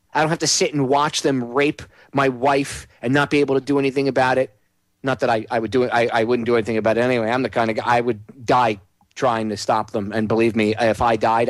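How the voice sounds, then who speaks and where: A man's voice: medium pitch, dry recording. Heated ranting male radio host. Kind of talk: talk radio monologue.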